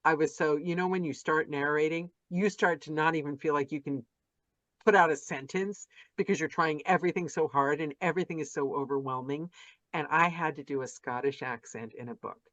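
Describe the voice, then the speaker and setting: A woman with a low, brisk, slightly bright voice hosts a casual video-call interview with narrators for her podcast, chatty and effusive, gushing and restarting sentences. The dull lo-fi call audio has no echo.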